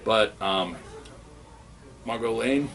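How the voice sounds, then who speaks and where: Excitable low-voiced male comic reviewer. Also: drawn-out words. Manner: excitable and rambling, with many restarts. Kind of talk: casual spoken review.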